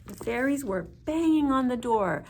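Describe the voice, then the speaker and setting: A librarian reads a children's story aloud, her fairly high voice rising and falling with great animation. She plays up the rhythmic sound words, with a faint hum of background noise. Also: normal speed, gravelly. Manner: expressive, playful sound words.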